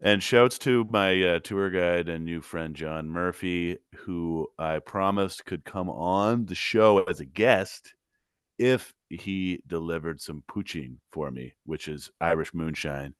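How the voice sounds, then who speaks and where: A man with a very low, deep voice talks casually as a podcast co-host. He tells stories with a dry, joking, relaxed manner. The recording is close and dead, with no room sound. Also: takes it slowly, smooth, no room sound. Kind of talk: casual chat. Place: podcast studio.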